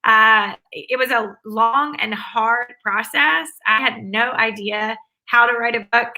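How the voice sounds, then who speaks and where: A woman with a Southern US accent, once an academic advisor, answers interview questions as a guest in a conversational exchange. Her voice sits on the high side and sounds bright and forceful, and she speaks slowly, upbeat and enthusiastic, stringing together long run-on answers. The audio quality is poor.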